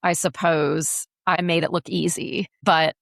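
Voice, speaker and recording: A woman in her forties, an educator speaking as a podcast guest, telling her story in a frank, animated, often profane way. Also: lowish voice, unhurried, gravelly, dry recording, clean studio sound. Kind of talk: candid casual interview.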